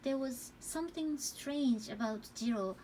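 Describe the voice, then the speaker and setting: A woman reading a novel aloud as calm, careful narration. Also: a little high, a little slow, a little hiss or hum, low-quality recording. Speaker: audiobook reader.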